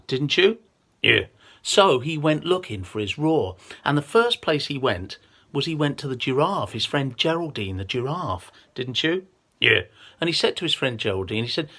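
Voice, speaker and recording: A man's voice: medium pitch, sing-song, normal speed, pushed and bright, slightly rough. A man telling a children's story with a lion puppet, in a playful, coaxing way.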